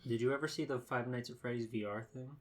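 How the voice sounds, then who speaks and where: A man's voice: mid-range voice, steady tone, fast. A man hosting a casual podcast chat, playful and joking, often breaking into laughs. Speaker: podcast host.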